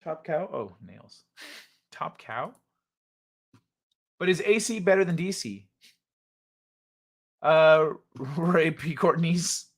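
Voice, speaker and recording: A man hosting a live stream, chatting casually and reading viewer comments in a jokey, animated way, laughing often. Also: fairly high pitch, takes it slowly, long pauses.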